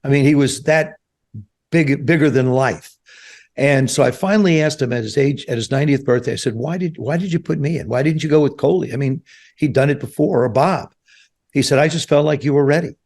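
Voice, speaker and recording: Man in his seventies, from New Jersey, podcast guest, animated storyteller, average pitch. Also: a little fast. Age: 70s. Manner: animated storyteller, acts out quoted voices. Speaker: guest, former quarterback. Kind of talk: storytelling interview. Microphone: podcast studio mic.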